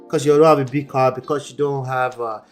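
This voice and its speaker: A man's voice: medium pitch, steady tone, quick pace, faint music behind. Man coaching with emphatic repetition. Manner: emphatic, repeats points, laughs often. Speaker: relationship coach, host reacting to clips. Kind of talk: casual reaction commentary.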